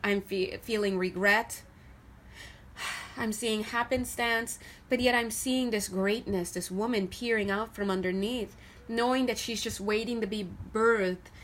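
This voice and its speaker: A woman doing a casual tarot reading to camera, chatty and animated, laughing often as she talks through the cards. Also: mid-range voice, unhurried, a little hiss or hum. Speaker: tarot reader.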